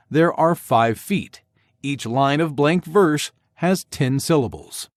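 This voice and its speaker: A man giving scripted educational narration in a slow, measured, evenly paced delivery. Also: fairly high pitch, no room sound, studio quality.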